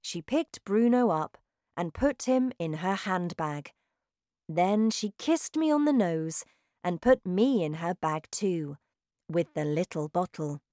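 A woman reading a children's story aloud, slow and expressive. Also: fairly low pitch, no room sound, clean studio sound.

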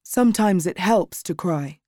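Woman reader doing a soft kind male teacher, slow and dry. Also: lowish voice, animated, no room sound. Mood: gentle. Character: kind male school librarian, gentle and patient.

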